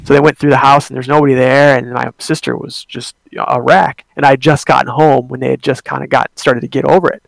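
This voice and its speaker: A man's voice: mid-range voice, fairly even intonation, brisk, vocal fry, hardly any pauses, dry recording. A young man telling a personal ghost story in a casual, rambling way, with many fillers and restarts.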